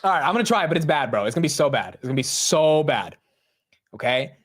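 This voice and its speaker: This American man hosts a live stream of market commentary, and his voice is a little high, very animated, and quick. He's chatty and full of slang, laughing often and calling his viewers "bro" and "dude."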